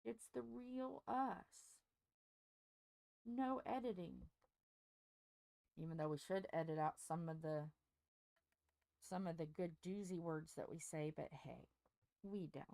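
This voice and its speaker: A woman chatting slowly and frankly while she crafts, her gravelly, strained voice wobbling up and down in pitch and now and then going squeaky. She rambles and pokes fun at herself. The sound is dry and close, with no room echo. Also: darkish tone. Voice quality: voice dips up and down in pitch, turns squeaky. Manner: frank, rambling, self-deprecating. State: strained, scratchy voice. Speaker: host of a crafting channel. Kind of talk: casual chat while crafting.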